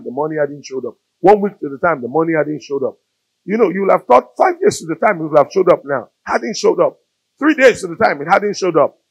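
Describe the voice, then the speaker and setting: A man with a Nigerian accent preaches, swinging his voice widely as he tells a story and drives toward loud, emphatic peaks. His voice is gravelly and a little husky, sitting fairly high for a man. The recording is dry and close. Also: no room sound, low-quality recording. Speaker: pastor. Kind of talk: sermon. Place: church or studio.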